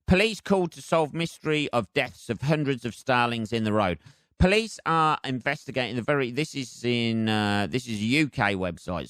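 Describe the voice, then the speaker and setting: A man's voice: medium pitch, a bit bright, clean tone, no room sound. Male podcast host, joking and meandering, clean dry voice. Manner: rambling, joking, filler-heavy chat. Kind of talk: solo podcast monologue.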